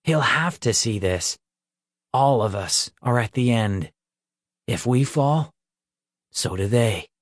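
A man's voice: mid-range voice, animated, slow pace, long pauses, dry recording, clean studio sound. A man voicing a brash, defiant wild boy. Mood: determined. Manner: brash, stubborn.

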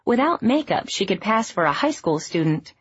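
Husky woman narrating a novel. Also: mid-range voice, big pitch swings, moderate pace, no room sound, dull audio. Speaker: audiobook narrator. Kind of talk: scripted narration.

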